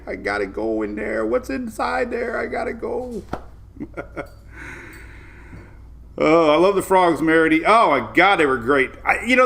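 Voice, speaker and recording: A man's voice: a little high, fairly bright tone. A man hosting a casual weather live stream, rambling cheerfully, greeting viewers by name and laughing often. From Florida.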